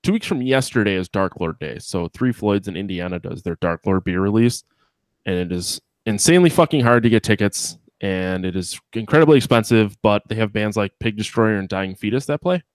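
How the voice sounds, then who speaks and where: A man from Wisconsin with a Wisconsin accent hosts a casual podcast chat. He talks in a low voice, full of profanity and rambling asides. The sound is dry and close. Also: animated, a little fast, no echo. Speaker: podcast host.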